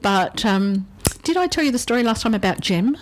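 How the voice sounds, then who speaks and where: A woman's voice: fairly high pitch, animated, moderate pace, slight background noise, poor audio. A woman, a psychic medium, telling rambling anecdotes in conversation and acting out the voices she quotes. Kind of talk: storytelling in a conversation.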